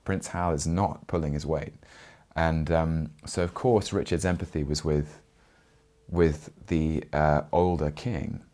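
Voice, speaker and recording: A young man from Britain, an actor speaking in an interview, earnest and reflective with frequent pauses. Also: very deep voice, fairly even intonation, warm tone.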